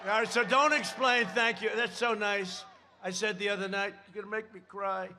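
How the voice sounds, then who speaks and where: A man giving a campaign rally speech at a podium microphone, rambling with sarcastic asides and shouted emphasis. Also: sits high, fairly even intonation, moderate pace, slight background noise.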